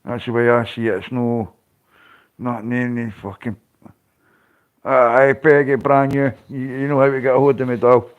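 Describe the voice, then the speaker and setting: A man's voice: medium pitch, flat delivery, moderate pace, phone-quality sound. A Scottish man hosting a livestream, chatting loosely with viewers, swearing and laughing as he goes. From Scotland. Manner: rambling, swearing, laughs often. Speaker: livestream host. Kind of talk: casual chat to live viewers.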